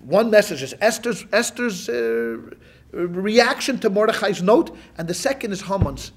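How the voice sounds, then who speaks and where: Husky high-voiced rabbi telling a story. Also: male voice, a little slow. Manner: animated, joking, talks straight to the class. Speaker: rabbi teaching a class. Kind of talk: lively storytelling lecture.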